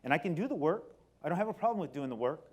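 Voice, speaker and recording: Animated man telling a life story. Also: racing, breathy edge. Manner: animated, swings between loud excited bursts and quiet low passages. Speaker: company speaker. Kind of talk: personal storytelling talk. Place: stage before an audience.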